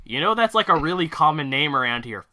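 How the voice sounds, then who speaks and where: A man chatting on a podcast and riffing on gags. His voice sits high and swings widely in pitch. He sounds very bright. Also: big pitch swings, quick pace, dry recording. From United States. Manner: jokey, riffs on bits and funny voices. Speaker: podcast co-host. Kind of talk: casual joking chat.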